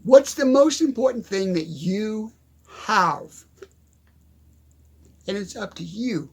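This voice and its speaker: A man's voice: high voice, expressive, takes it slowly, slightly rough. A man giving an emphatic, repetitive motivational monologue, addressing the listener directly. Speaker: motivational speaker.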